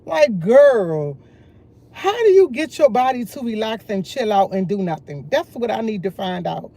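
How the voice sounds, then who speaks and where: A woman's voice: a little high, lively intonation, normal speed, warm tone. A woman, chatting casually on a morning live stream, drawling and greeting viewers by name.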